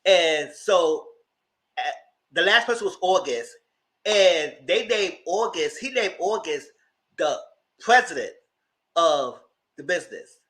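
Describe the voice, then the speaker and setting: Man, casual TV recap chat, bright voice, very lively pitch. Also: takes it slowly, long pauses. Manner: animated storytelling, acting out quotes with big pitch jumps. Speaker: TV recap commentator.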